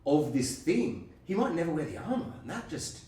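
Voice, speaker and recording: A man co-hosting a podcast, chatting casually and acting out scenes with quick impressions. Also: fairly high pitch, far from the mic. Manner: animated, acts out scenes in quick impressions, swears. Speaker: podcast co-host. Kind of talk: casual chat. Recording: echoey room, off-mic.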